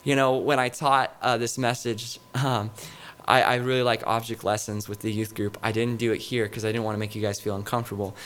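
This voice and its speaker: A middle-aged man preaches in a relaxed, conversational way, telling stories and trailing into fillers and restarts. His voice sits at an ordinary middle pitch. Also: fairly quick, clean tone. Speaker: pastor. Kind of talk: sermon.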